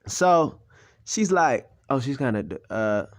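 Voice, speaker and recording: A young man talks straight to his audience in a loose, rambling monologue. His words are blunt and often profane, and his voice sits at an ordinary male pitch. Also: big pitch swings, takes it slowly. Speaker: channel host. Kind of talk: personal monologue.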